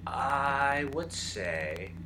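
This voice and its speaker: A man co-hosting a casual movie review podcast, animated and acting out scenes as he talks. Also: medium pitch, very slow, vocal fry, background noise. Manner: animated, acts out scenes in bursts. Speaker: podcast co-host.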